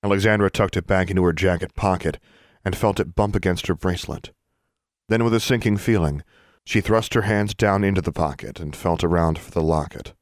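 A man narrating an audiobook in a steady storytelling manner. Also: sits low, a little fast, no room sound, clean studio sound.

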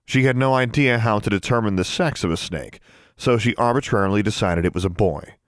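A man narrating a novel as an audiobook in steady storytelling. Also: lowish voice, fairly quick, no room sound, studio quality. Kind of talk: scripted narration.

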